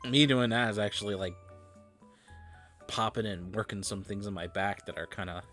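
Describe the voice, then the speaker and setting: Over faint background music, a weary gaming streamer with a fairly low voice speaks at a normal speed. He yawns, mutters about his game with the occasional curse, and slips between loud and quiet.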